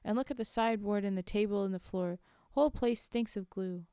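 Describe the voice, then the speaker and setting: A woman reading the lines of a gruff, bitter old father who scolds his daughter. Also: medium pitch, brisk, dark tone, no room sound, studio quality, natural voice. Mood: grumbling. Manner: grumbling, scolding.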